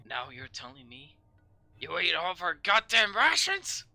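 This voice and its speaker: A man doing a gruff, cursing sergeant. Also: high voice, wildly swooping pitch, moderate pace, pushed and bright, no echo, pitched above the performer's own voice, heavily acted. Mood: furious. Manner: barking, threatening, cursing. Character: gruff angry middle-aged male sergeant.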